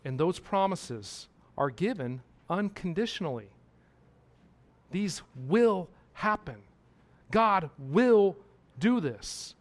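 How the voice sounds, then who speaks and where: A man's voice: high voice, lively intonation, slow pace. A man preaching a sermon, emphatic and repetitive, asking his listeners questions.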